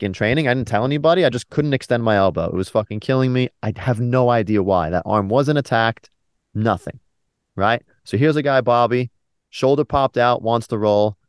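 A man co-hosts a casual podcast, spinning a story with plenty of swearing and sudden high, loud bursts whenever he acts out what someone said. His voice is smooth and clear at a middle pitch, and it sounds close and dry. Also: dry recording. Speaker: podcast co-host. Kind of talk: casual chat, animated storytelling.

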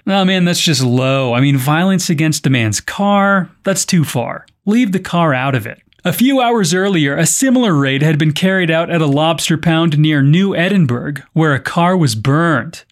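A man hosts a news podcast for language learners, reading stories clearly and breaking in with playful, wry asides. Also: on the high side, animated, normal speed, hardly any pauses. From North America. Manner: playful, wry comments between read stories. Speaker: podcast host.

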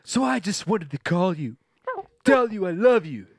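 A man's voice: high voice, very animated, moderate pace, gravelly, dry recording, clean studio sound, heavily acted. A man voicing a panicked young male hostage who phones his parents, apologizing in an overwrought, stammering way in a comedic script read-through. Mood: frantic.

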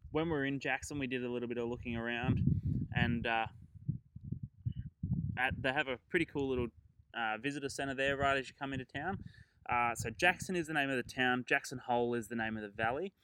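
A man's voice: medium pitch, a little fast, long pauses, pushed and bright, slight background noise, poor audio. A man hosting a travel podcast, chatting casually and rambling through his trip stories with fillers and chuckles.

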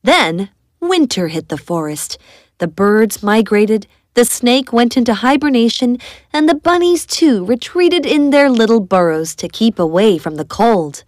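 A woman narrating a bedtime story for children in an expressive storytelling read. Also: on the high side, no echo, studio quality.

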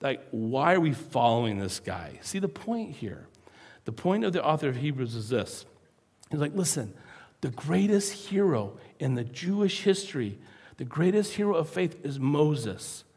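A man preaching a sermon as a pastor, animated and acting out the voices of the people he describes. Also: fairly high pitch, normal speed, slightly rough, big-room sound. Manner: animated, acts out quoted voices.

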